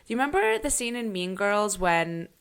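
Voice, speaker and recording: Woman in her thirties, podcast co-host, chatty with quick laughing asides, mid-pitched voice. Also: very animated, a bit bright, clean tone. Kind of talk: casual chat.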